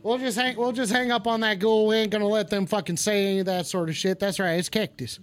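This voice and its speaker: A man's voice: sits high, fairly even intonation, quick pace, faint music behind. A man hosting a call-in show as a profane, rambling cowboy, hollering and ranting. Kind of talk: rowdy comedic rant.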